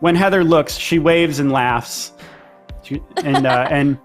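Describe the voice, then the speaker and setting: A man's voice: fairly high pitch, slow, soft background music. A man narrating as game master of a tabletop role-play game, chatty with lots of fillers.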